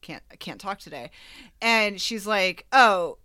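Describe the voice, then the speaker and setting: A woman co-hosting a podcast, retelling film scenes in a lively, chatty way, full of "like" and laughs. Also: medium pitch, measured pace, dry recording, studio quality. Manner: animated storyteller, frequent "like", laughs. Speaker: podcast co-host. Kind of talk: casual chat.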